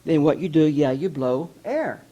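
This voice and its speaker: A man voicing a commanding ninety-year-old midwife who talks loudly and bluntly and is half deaf. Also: deep voice, animated, moderate pace, highs cut off. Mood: matter-of-fact. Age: older.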